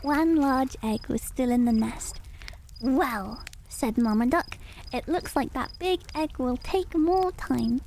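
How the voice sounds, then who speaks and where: A woman's voice: sits high, a little mellow, a little hiss or hum. A woman reading children's stories aloud on a stream, playful, with chatty asides. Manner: playful, chatty asides and laughs between lines. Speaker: storyteller.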